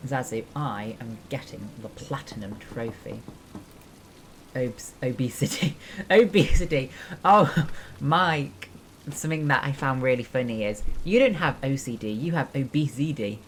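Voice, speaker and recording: Very deep-voiced young woman streamer. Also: normal speed, noisy background. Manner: explains step by step, many fillers, chatty asides. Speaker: streamer and nursing student. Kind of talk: casual chat while gaming.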